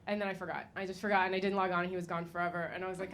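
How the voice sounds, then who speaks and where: A woman's voice: fairly low pitch, flat delivery, racing, hardly any pauses, a bit bright. An American woman in her thirties doing a stand-up comedy set, chatty and full of fillers, laughing at her own jokes. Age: 30s. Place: comedy stage. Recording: noisy live stage recording.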